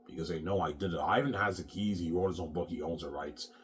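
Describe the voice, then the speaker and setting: A man's voice: low voice, fast, a little hiss or hum. A man talking in a rambling monologue, stammering over repeated words and swearing often. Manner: repetitive, stammering, profane.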